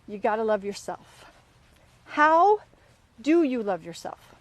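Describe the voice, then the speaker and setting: A middle-aged woman with a slightly high voice hosts a live self-help talk in a lively, conversational way. She tells personal stories to her audience and slips into other people's voices as she quotes them. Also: takes it slowly, pauses often, no room sound. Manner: animated storyteller, often acts out quoted voices. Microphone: livestream camera mic.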